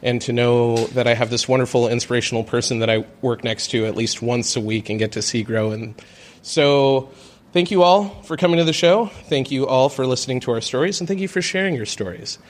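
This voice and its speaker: A man's voice: medium pitch, a little fast. Casual man closing a live show. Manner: casual, grateful, chatty. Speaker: co-host. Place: small cafe.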